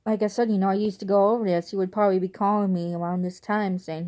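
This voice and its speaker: A woman's voice: medium pitch, steady tone, fast talker, few pauses, mellow. A young adult woman vlogging, telling a casual, rambling story that turns wistful at times.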